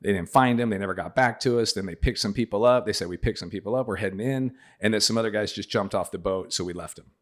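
A man's voice: fairly low pitch, quick pace, hardly any pauses. A middle-aged man, a podcast guest, telling a long story in casual chat and acting out what other people said. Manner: animated anecdote teller, acts out other people's lines.

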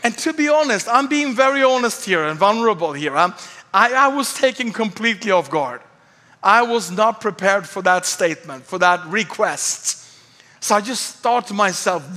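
A Swedish-accented male pastor tells a lively, self-mocking story from the pulpit. His voice sits high and bright. The sound carries the long reverb of a large church hall. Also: normal speed. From Sweden. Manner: animated, self-mocking humor, acts out voices. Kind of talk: storytelling sermon.

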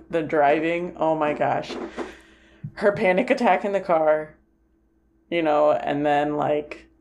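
A woman co-hosting a casual film discussion podcast, lively and acting out characters' lines as she retells scenes. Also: deep voice, creaky. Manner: animated, acts out characters' lines. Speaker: podcast co-host.

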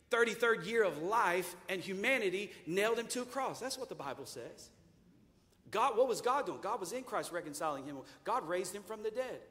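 High, bright-voiced preacher, hall echo. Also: male voice. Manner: emphatic, rhetorical questions, rising to shouts. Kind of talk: sermon.

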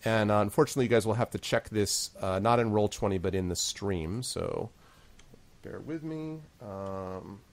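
A man's voice: lowish voice, normal speed, a little hiss or hum. A man running a tabletop game on a stream, rambling and laughing at himself while narrating. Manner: rambling, self-deprecating, laughs often. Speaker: game master. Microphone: video call.

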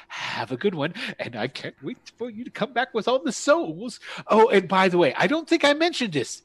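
A man's voice: sits high, fairly bright tone, breathy edge, no echo, exaggerated voice. A man voicing a scheming lord who greets guests cheerfully and then threatens them. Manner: theatrical, falsely cheerful, menacing. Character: scheming male lord demanding souls.

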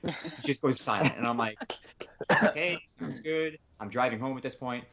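A man's voice: medium pitch, moderate pace, dull audio, over a noisy crowd. A man co-hosting a podcast, telling a rambling story in casual chat and quoting people he spoke to on the phone. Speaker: podcast co-host.

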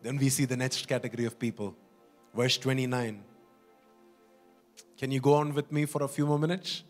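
A man's voice: medium pitch, steady tone, normal speed, soft background music. A man preaching a sermon in an earnest, emphatic way, often repeating words and asking the congregation questions.

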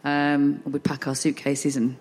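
A woman's voice: sits low, monotone, moderate pace, darkish tone. Chatty woman from Lancashire, long reverb. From Lancashire, England. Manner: chatty, laughing, acts out voices in stories. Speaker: comedy podcast guest. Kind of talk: casual chat, anecdotes. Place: festival stage before a live audience. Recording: reverberant live stage audio.

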